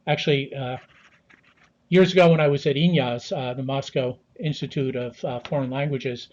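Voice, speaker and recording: An American man answering interview questions at a measured pace, with many fillers and restarts, heard over a video call. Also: medium pitch, steady tone, darkish tone, highs cut off, a little hiss or hum. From United States. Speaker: guest analyst.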